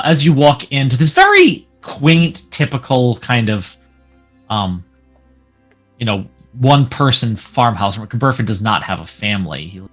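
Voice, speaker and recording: A man's voice: medium pitch, fairly bright tone. A young man narrating as game master, hesitant and full of fillers. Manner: hesitant, lots of uh and um.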